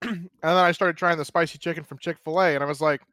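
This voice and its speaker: A high-voiced man tells a rambling story, animated, swearing and laughing as he goes. His voice is dry and close, with no room around it. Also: fast talker, dry recording. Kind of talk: casual storytelling.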